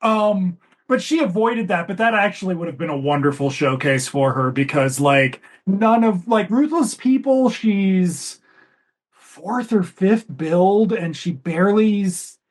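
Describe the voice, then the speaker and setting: A man's voice: high-pitched, expressive, a little slow. A man co-hosting a casual movie commentary, rambling and chatty, swearing offhandedly. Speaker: podcast co-host.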